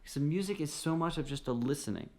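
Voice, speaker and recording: A man teaching singing straight to the camera in a relaxed, encouraging way, now and then singing short phrases. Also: on the high side, fast. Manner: encouraging, conversational, often sings short phrases. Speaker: music teacher. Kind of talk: direct-to-camera singing lesson.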